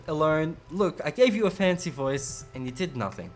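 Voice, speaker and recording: A man's voice: a little high, animated, normal speed, few pauses. Playful man joking through a game. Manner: joking, self-mocking asides. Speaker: let's play host. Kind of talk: casual game commentary. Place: home streaming setup.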